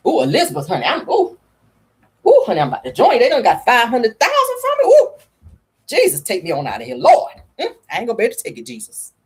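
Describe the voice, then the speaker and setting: A woman's voice: a little high, huge pitch swings, fast, breathy edge, voice pushed up, heavily acted. Woman doing a groaning old man calling on Jesus. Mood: anguished groaning. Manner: moaning, dramatic, overwhelmed.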